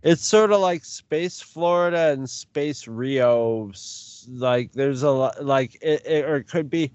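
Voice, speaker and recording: A man co-hosting a podcast, chatting casually and rambling through his thoughts with halting restarts. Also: medium pitch, a little mellow, clear, resonant tone, dry recording. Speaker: podcast co-host. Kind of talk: casual chat. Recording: dry, muffled lo-fi sound.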